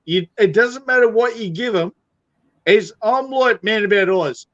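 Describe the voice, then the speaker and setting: A man's voice: high-pitched, measured pace, a bit bright. A man on a casual chat, rambling loosely and swearing heavily. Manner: profane, rambling, heavy swearing. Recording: dull lo-fi audio.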